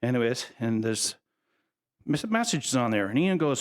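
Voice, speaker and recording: A man's voice: mid-range voice, sing-song, normal speed, clear, resonant tone. Folksy middle-aged man telling stories. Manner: folksy, humorous storytelling. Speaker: family member giving a eulogy. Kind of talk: anecdotal memorial speech.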